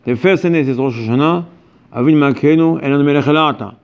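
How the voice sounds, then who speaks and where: A man's voice: fairly high pitch, quick pace, clean tone, lo-fi sound. A man giving an informal religious lecture as a rabbi, speaking emphatically and animatedly in broken English with many repetitions.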